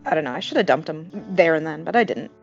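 A woman with a fairly low voice tells a personal story frankly and casually, sprinkling in filler words and the odd curse. The recording sounds a bit muffled. Soft guitar music plays underneath. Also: animated, quick pace, vocal fry. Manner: candid, conversational, frequent "like" fillers, swears.

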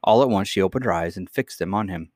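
Male narrator for a read-aloud storybook: measured, calm, fairly low voice, dry close sound. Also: no echo. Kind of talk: reading a children's storybook aloud.

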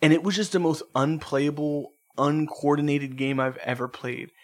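A man's voice: on the high side, fairly even intonation, normal speed. A man co-hosting a casual chat, telling rambling stories with swearing and frequent laughter.

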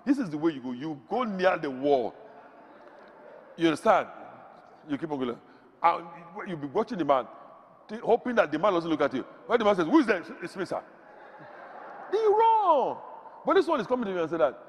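Preacher from Africa, male, husky high voice, lively swoops, long hall reverb. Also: brisk, slight background noise. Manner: preaching with sudden shouts and swings in pitch. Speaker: pastor. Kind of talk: sermon.

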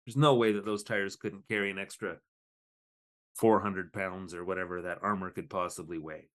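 A man co-hosting a podcast, chatting casually as he recaps an episode and jumps into quick put-on voices for the characters. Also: low-pitched. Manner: animated, acts out lines in quick voices. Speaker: podcast co-host.

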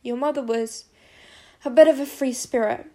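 A woman voicing a gentle, caring middle-aged father in an audiobook, speaking softly and tenderly. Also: high voice, steady tone, normal speed, close to an everyday voice. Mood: sad, gentle. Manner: soft, quiet and tender. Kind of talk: audiobook character voice.

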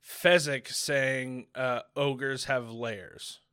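Bright chatty podcast dude with strong opinions, dry close mic sound. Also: male voice, mid-range voice, steady tone, clean tone, dry recording. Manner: opinionated, chatty, quick to react. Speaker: podcast co-host. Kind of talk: casual chat.

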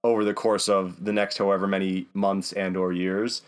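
A man's voice: deep voice, moderate pace. Chill guy hosting a music podcast, lots of uhs, just chatting along. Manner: relaxed, with many "uh" fillers. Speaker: podcast co-host. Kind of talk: casual chat.

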